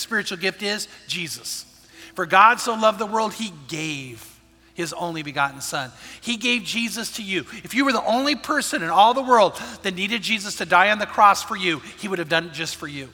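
A man's high, very bright voice carries a conversational sermon, stumbling over restarts as he tells stories to his congregation. He preaches from the stage of a large church auditorium, and the sound rings with a long hall reverb. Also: slightly rough. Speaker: pastor.

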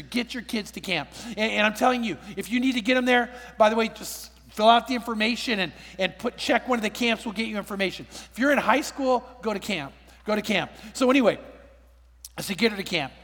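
An older male pastor preaching with a fairly high voice. He tells stories emphatically, often repeating words as he goes. The sound rings with a long hall reverb. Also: fairly bright tone. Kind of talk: sermon.

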